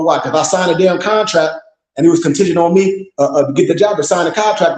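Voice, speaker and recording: A pastor and teacher speaks in a casual livestream, animated and boastful, slipping into quoted voices as he tells stories. His voice is high for a man, and the room rings with echo.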